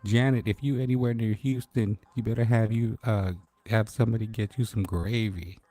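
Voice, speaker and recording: Mellow-voiced man hosting a late-night livestream. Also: fairly low pitch, steady tone, normal speed, dry recording. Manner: laid-back, chatty, greets viewers by name. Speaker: livestream host. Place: at home at night.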